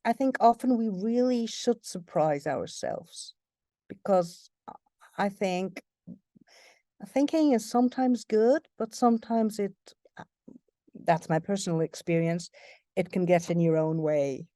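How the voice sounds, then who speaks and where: A woman guest, a voiceover narrator, talking casually in an interview with lively, playful delivery. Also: mid-range voice, a little slow, no room sound, studio quality. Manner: animated, playful, switches into accents mid-sentence.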